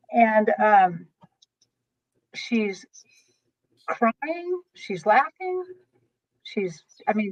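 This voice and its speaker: A woman reader telling an animated story in casual chat, with quick exclamations. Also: medium pitch, dull audio. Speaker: tarot reader guest.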